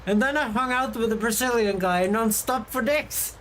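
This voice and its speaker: A woman's voice: a little high, normal speed, a bit bright, slight background noise, low-quality recording. A woman streaming from her desk, telling travel stories in a casual, chatty way and laughing often. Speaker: VTuber streamer. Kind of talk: casual stream chat, storytelling.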